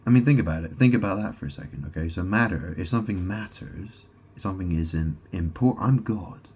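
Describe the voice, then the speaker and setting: His voice sits low and is a little mellow and slightly rough, delivered in an animated, somewhat fast way. The man, who proclaims himself a god, speaks into the camera in a wandering monologue, swearing, repeating points, cutting himself off to restart, and firing off rhetorical questions.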